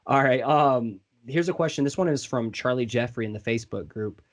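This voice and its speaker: A man's voice: mid-range voice, fairly quick. A man with a Midwestern American accent hosting a casual interview podcast, laid-back and slangy, joking with his guests. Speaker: podcast host.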